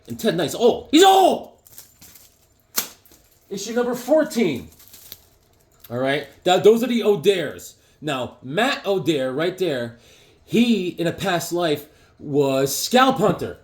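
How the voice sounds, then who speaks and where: This man reviews comic books in a casual, excitable, chatty way, now and then slipping into silly voices. His voice sits on the high side.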